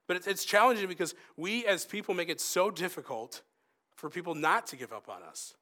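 A man preaching a sermon in an earnest, conversational way, rising for emphasis and softening for quoted asides. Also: high voice, lively intonation, fairly quick.

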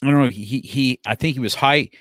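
A man's voice: medium pitch, fast talker, a bit bright. A man in his fifties who runs a martial arts school talks through old memories in a loose, rambling way. He restarts his sentences and stumbles over repeated words. His voice sits mid-range, and the recording is dry with no room echo. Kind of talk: casual conversation, storytelling.

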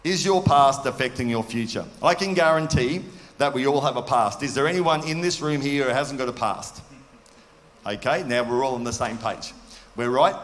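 A man's voice: mid-range voice, normal speed, fairly bright tone, a little hiss or hum. Earnest preacher man in a reverberant hall. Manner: earnest, conversational preaching with rhetorical questions. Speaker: pastor. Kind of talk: sermon.

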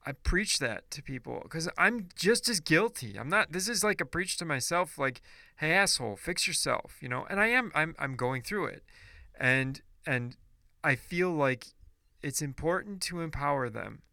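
A man's voice: a little high, lively intonation, moderate pace, vocal fry, pushed and bright, no room sound, studio quality. A man ranting in a casual monologue podcast, blunt and profane, preachy and rambling with restarts.

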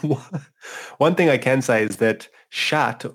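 A man's voice: mid-range voice, slow, a bit bright. A man co-hosting a music podcast in casual chat, playful and often laughing. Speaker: podcast co-host.

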